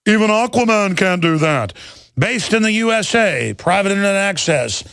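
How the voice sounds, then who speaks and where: A man doing an impression of a blustery male TV announcer, booming through a radio ad read. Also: expressive, moderate pace, vocal fry, fairly bright tone, heavily acted. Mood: hammy.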